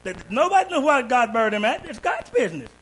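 A man preaches in a high, bright voice, asking the congregation questions and waiting for their answers. He swings from quiet stretches into loud, fervent shouts. It is call-and-response church preaching. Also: sing-song, fast talker, slightly rough, rough recording. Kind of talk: sermon.

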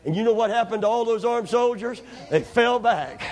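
High-voiced impassioned male preacher. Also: normal speed, hardly any pauses, a little mellow. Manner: impassioned, call-and-response preaching. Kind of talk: sermon.

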